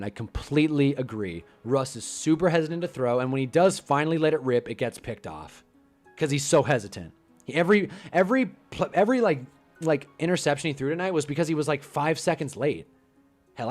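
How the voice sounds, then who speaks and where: A young man hosting a live stream, ranting casually and growing loud in outbursts. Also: medium pitch. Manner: frustrated, swearing, swings into loud outbursts.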